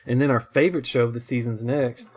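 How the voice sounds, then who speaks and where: A young man trades opinions in a relaxed co-hosted chat. He rambles, circles back on himself and breaks into laughter often, with a middle-pitched voice. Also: fast talker. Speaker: co-host. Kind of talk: casual chat reviewing shows.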